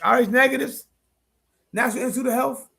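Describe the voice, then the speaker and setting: Man, high voice, gravelly, husky, casual livestream talk, emphatic and repetitive. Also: fairly even intonation, fast, sharp tone. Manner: repetitive, emphatic, conversational with slang. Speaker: streamer host.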